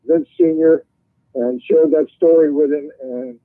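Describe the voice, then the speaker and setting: A man's voice: on the high side, steady tone, a little slow. An older man, a guest calling in, telling long, winding stories in a casual way. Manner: long-winded storyteller. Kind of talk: casual storytelling on a call. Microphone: phone. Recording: tinny phone line.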